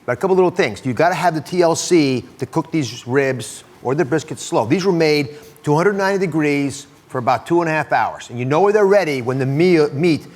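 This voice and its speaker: Fast-talking male TV host, slightly high voice, upbeat and chatty. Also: animated, darkish tone. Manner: upbeat, brisk, chatty with guests. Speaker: TV talk show host. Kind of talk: energetic studio talk show hosting.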